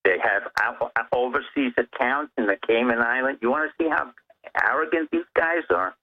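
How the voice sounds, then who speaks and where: Heard on a tinny phone line, a male caller gives emphatic political commentary as a guest. He lectures through his points one after another in a mid-range voice that is animated and delivered at a normal speed.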